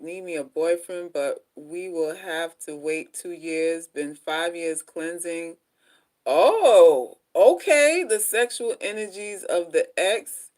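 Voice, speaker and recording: A middle-aged woman chatting casually on a livestream from home, animated and slangy as she reads viewer comments aloud. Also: fairly low pitch. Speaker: livestream host.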